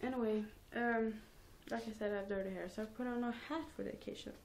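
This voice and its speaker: A woman's voice: a little high, fairly even intonation, quick pace, a little hiss or hum. Giggly rambling teenage girl vlogging. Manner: giggly, rambling, self-mocking. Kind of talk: rambling casual vlog. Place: at home.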